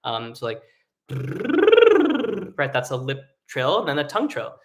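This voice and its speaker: A man's voice: mid-range voice, lively intonation, normal speed, background noise. A young adult man teaching a live online singing lesson, explaining casually with lots of fillers and sung vocal demonstrations.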